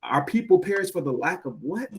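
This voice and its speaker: Animated talkative man. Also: high-pitched, fairly quick. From United States. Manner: animated storyteller, acts out quotes in a raised voice. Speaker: podcast co-host. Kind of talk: casual chat.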